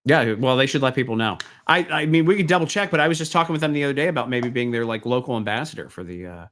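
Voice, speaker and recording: A man's voice: mid-range voice, expressive, rapid-fire, a bit bright. A middle-aged man hosting a casual online talk show, chatting loosely and rambling from one thought to the next. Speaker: host. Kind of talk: casual chat.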